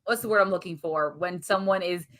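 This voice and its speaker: A woman's voice: on the low side, fairly quick, a bit bright. Chatty woman co-hosting a movie talk. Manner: searches for words, chatty, laughs often. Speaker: podcast co-host. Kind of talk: casual movie review chat.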